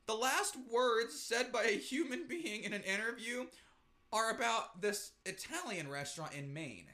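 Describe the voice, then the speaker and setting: A man co-hosting a casual podcast, telling an animated story with swearing and mocking quotes. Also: very high-pitched, moderate pace. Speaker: podcast co-host.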